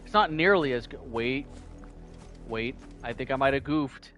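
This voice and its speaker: A man's voice: mid-range voice, big pitch swings, moderate pace, fairly bright tone, faint music behind. A man giving playful, goofy commentary while playing a video game, slipping into silly mock-pompous voices. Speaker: gaming video host. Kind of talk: let's play commentary.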